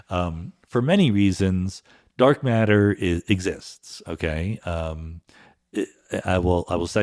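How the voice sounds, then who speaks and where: Middle-aged male podcast host, low voice, animated delivery, chatty explainer. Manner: thoughtful, conversational explaining with frequent fillers. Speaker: podcast host answering listener questions. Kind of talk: solo podcast monologue.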